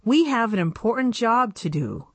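A woman's voice: fairly high pitch, big pitch swings, moderate pace, no room sound, pitched above the performer's own voice. A woman voicing a firm, motherly mother doll.

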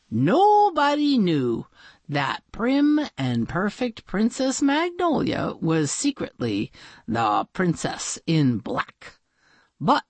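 A woman reads a children's storybook in an unhurried, playful way. Her lowish voice leaps around in pitch to bring the action to life. The sound is close and dry. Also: no echo. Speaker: audiobook reader.

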